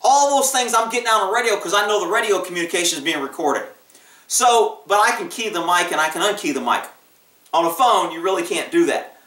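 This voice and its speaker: Male cop, casual vlog; high, sharp voice, emphatic delivery; roomy sound with the mic set back. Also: expressive, fairly quick, distant mic. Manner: blunt and emphatic, acts out quoted callers. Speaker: police officer giving advice. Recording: echoey room, voice off-mic.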